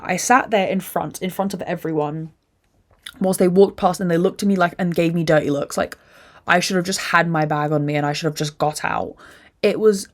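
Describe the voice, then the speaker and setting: Low-voiced woman venting. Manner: emotional venting, frequent swearing. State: drained and upset. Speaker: podcast host. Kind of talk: candid solo monologue.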